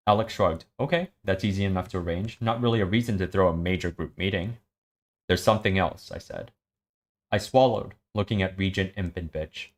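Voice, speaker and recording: A man recapping and reading a web serial aloud, halting with many ums. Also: deep voice. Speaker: story reader.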